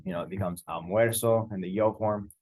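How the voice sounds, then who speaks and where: A man teaching a screen-share Spanish grammar lesson in a relaxed, rambling way, spelling words out letter by letter. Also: sits low, a little fast, no echo.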